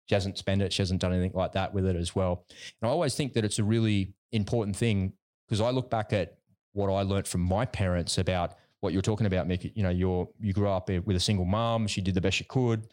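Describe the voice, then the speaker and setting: Deep-voiced man telling stories. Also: fairly even intonation, a little fast, darkish tone. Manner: storytelling, conversational. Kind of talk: casual podcast conversation.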